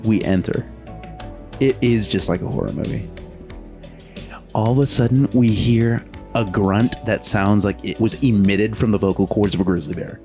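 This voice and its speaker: A man telling a story in casual podcast chat, animated, laughing often and acting out what people said. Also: on the low side, normal speed, faint music behind. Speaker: podcast guest.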